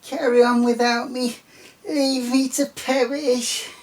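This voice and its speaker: A man's voice: very high-pitched, steady tone, slow pace, voice pushed up. A man voicing a melodramatic male clone who has a cold and sounds stuffed up and self-pitying. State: stuffed-up nose. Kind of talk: comedy sketch voice.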